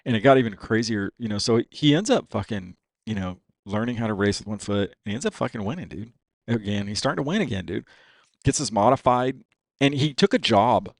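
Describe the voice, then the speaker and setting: Man, low gravelly voice, dry close sound, casual profane storytelling, rambling podcast guest. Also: animated, fairly quick, no echo. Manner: profane, rambling, heavy use of "dude" and "you know what I mean".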